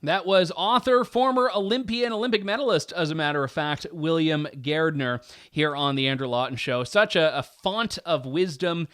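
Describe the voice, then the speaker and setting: A man's voice: a little high, fairly bright tone, clear, resonant tone, no echo, studio quality. A man from Canada, host of an interview show, closing out a conversation and signing off in an earnest, chatty way. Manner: earnest, chatty, quick restarts.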